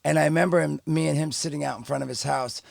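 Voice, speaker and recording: A man's voice: fairly high pitch, fairly even intonation, quick pace, gravelly, darkish tone, no echo, studio quality. A middle-aged man, telling a story candidly and rambling as a podcast guest, full of fillers and restarts. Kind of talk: casual storytelling.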